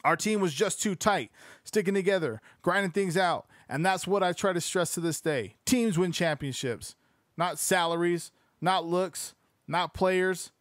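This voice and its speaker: A man's voice: high-pitched, unhurried, a bit bright, no room sound, clean studio sound. A young man hosting a podcast, reading a book aloud casually and breaking off into profane, joking asides. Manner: swears freely, loose and joking.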